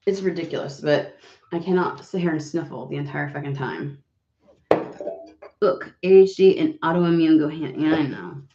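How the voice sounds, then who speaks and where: A woman's voice: low-pitched, dull audio. Sniffly woman tarot reader, roomy sound. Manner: rambling, swearing, many fillers. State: recovering voice, sniffly. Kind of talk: casual chat and card reading.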